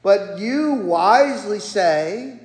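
High-voiced man preaching in an echoey hall. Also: lively intonation, very slow. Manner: folksy, joking asides, acts out quotes. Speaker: pastor. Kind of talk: sermon. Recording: echoey hall with long reverb.

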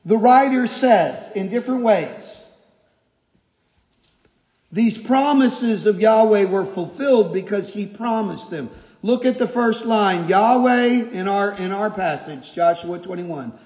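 A male pastor preaching a sermon, emphatic and repetitive, moving from quiet stretches to shouted points. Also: high-pitched, animated, unhurried. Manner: emphatic, repeats key phrases, shifts from quiet to shouting. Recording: echoey hall.

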